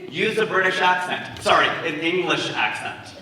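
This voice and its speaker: A man doing a stand-up comedy set at a wedding, working the crowd with animated, laughing asides. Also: fairly high pitch, normal speed. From United States. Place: wedding reception venue. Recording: roomy, far-off mic with loud crowd.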